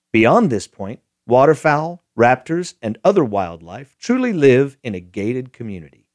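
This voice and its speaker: Man, audio tour narration, lively intonation, dry close recording. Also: mid-range voice, dry recording.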